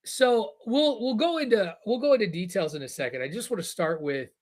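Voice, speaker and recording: A man co-hosting a pop-culture podcast, talking in an animated, emphatic, joking way. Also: high voice, brisk. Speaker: podcast co-host. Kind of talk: casual pop-culture chat.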